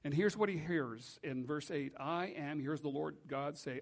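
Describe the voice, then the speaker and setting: A man preaching a sermon as pastor in a church, earnest and measured, slowing and dropping soft for emphasis. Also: a little high, creaky.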